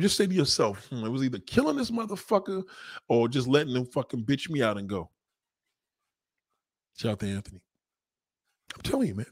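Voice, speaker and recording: A man with a husky, slightly rough voice, ranting bluntly and crudely in a casual way. His pitch swings widely as he drives his points home, and he often says the same thing twice. The sound is dry and close, with no room around it. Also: no room sound. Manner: blunt, crude, repeats himself for emphasis. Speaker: monologue speaker. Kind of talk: casual profane rant.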